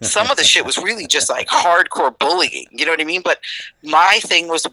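A woman's voice: low-pitched, lively intonation, normal speed, sharp tone, no room sound, low-quality recording. A middle-aged woman talking as a podcast guest, blunt and sarcastic, swearing freely in casual chat.

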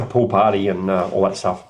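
A man's voice: lowish voice, fairly bright tone. A middle-aged man, telling a long, rambling story in a casual chat, often restarting his sentences. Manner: rambling, self-correcting storyteller.

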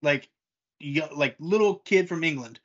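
A man's voice: on the high side, unhurried, fairly bright tone. A man casually telling a story on a podcast, laughing often as he talks. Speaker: podcast co-host. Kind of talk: casual chat. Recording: dull lo-fi audio.

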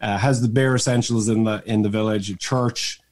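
A man from Ireland whose Irish accent has faded after years in America, telling stories in a relaxed, joking way as a podcast guest. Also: fairly low pitch, brisk. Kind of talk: casual interview chat.

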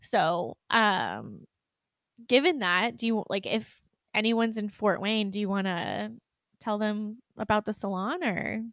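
A young Midwestern woman hosts a casual podcast chat in a mid-pitched voice with a gravelly edge. She sounds relaxed and encouraging, and the recording is dry and close. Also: slow, no echo. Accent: American Midwest. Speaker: podcast host.

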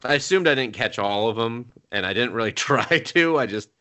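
A male podcast co-host chatting casually. His bright voice swings widely in pitch as he tells the story. He laughs often and swears freely. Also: lively intonation, a little fast.

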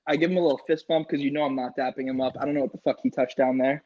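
A man's voice: medium pitch, fairly even intonation, very fast, a little mellow. A young man telling a crude party story on a podcast, acting out his friends' lines in a casual, profane way. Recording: slightly dull lo-fi sound.

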